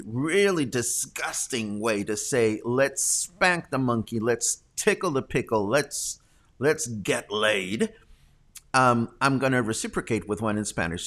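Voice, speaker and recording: A man hosting a live community show, playful and quick to break into loud laughter. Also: mid-range voice. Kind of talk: lively live-stream chat.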